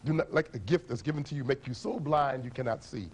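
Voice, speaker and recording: A man telling a folk tale to children in a library, animated and drawing his audience in. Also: medium pitch, quick pace, husky. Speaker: storyteller. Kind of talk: storytelling for children.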